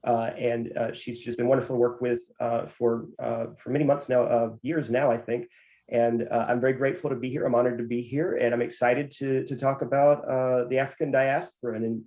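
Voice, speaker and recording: A university professor speaks as a guest in a measured, deliberate way, filling his pauses with "uh." His voice is dark and mellow. The sound is roomy and echoey. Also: medium pitch, flat delivery. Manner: measured, with many "uh" fillers. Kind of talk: interview answers. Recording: roomy echo.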